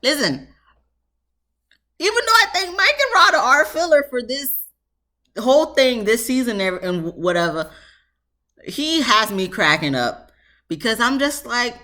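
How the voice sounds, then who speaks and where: Chatty animated woman reviewer. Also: sits high, a little slow, long pauses. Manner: chatty, animated, lots of "you know" fillers. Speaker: TV show reviewer. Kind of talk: casual review commentary.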